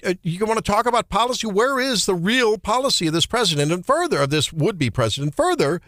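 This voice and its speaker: A Midwestern man hosting talk radio, fired up and indignant, with a fairly high voice. He stumbles and restarts as he argues. The studio sound is dry and close. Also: brisk, no echo. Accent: Midwestern American. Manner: animated, indignant, repeats and restarts. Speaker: radio talk show host. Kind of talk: opinionated political talk radio.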